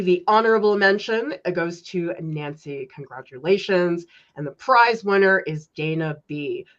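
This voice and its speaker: A woman art teacher hosting a casual livestream, gushing with excited exclamations. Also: mid-range voice, dull audio.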